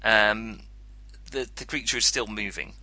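Guy running a zombie tabletop game, really bright voice, lots of ums and laughs. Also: lowish voice, fairly even intonation, unhurried, dry recording. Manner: chatty, laughs often, many ums. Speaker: game master. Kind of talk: narrating a tabletop horror game.

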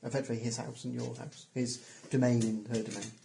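A man's voice: medium pitch, little pitch movement, quick pace, gravelly, warm tone, slight background noise. A man running a tabletop role-playing game as game master, narrating scenes and explaining rules with hesitant fillers.

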